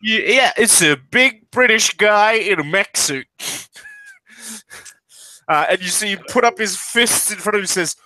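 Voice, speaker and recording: A male game master narrating a silly tabletop game in a high, lively, bright voice. He rambles, restarts, and fills gaps with "um" and "like." The sound is dry and close. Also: unhurried, no room sound, low-quality recording. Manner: rambling, full of fillers and laughs.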